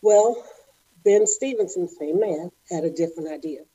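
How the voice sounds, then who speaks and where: A middle-aged woman from Houston, a former ballerina telling her story as an interview guest, animated and acting out the voices of people she quotes. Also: lowish voice, moderate pace, breathy edge, dull audio. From Houston, Texas.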